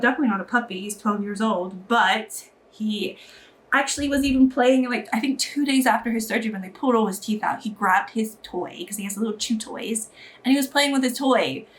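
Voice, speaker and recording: A woman's voice: a little high, a little fast, a bit bright. A woman beauty vlogger chatting casually while getting ready, rambling with lots of fillers. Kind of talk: chatty get-ready-with-me talk.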